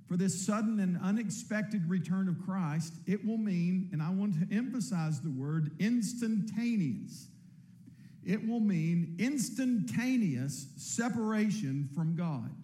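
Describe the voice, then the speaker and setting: Earnest preacher with a high voice. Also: male voice, mellow, reverberant. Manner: earnest preaching with repeated words and slow emphatic stresses. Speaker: pastor. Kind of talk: sermon.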